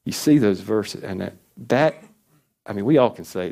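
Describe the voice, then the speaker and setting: A man's voice: animated, normal speed, vocal fry, dark tone. A man preaching a sermon in an earnest, conversational way, acting out quoted prayers. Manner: earnest, acts out quoted prayers with rising pitch. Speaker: pastor.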